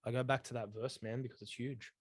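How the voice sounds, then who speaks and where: Casting: male co-host, mid-pitched, earnest, slangy, close dry mic. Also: level tone, fast talker, no room sound. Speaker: podcast co-host. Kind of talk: casual faith chat.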